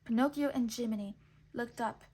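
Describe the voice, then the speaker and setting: A woman reading a children's storybook aloud in clear, measured narration. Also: a little high, mellow. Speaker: storybook reader.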